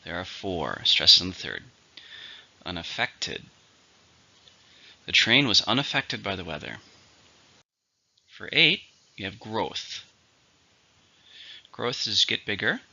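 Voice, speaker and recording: A man teaches English vocabulary, working methodically through syllables, stress and example sentences. His voice sits somewhat low but sounds very bright and tense, with an animated, wide-ranging pitch. The recording is dull and lo-fi. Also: unhurried, creaky, pauses often. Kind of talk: vocabulary lesson.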